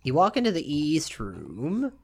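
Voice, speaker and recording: A man narrating a tabletop game as game master, relaxed and halting, with many fillers. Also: fairly high pitch, creaky.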